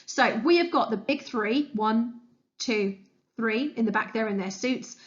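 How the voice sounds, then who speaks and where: A woman's voice: on the high side, highs cut off. A woman history teacher giving an enthusiastic, chatty revision lesson as a voice-over, with frequent fillers. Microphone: voice-over over slides.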